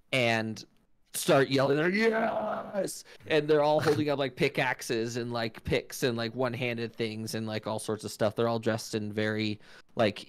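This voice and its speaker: A man runs a tabletop fantasy game with animated storytelling, acting out sound effects as he describes the scene. His voice sits in an ordinary middle range and is recorded dry and close, with no room echo. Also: medium pitch, clear, resonant tone. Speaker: game master.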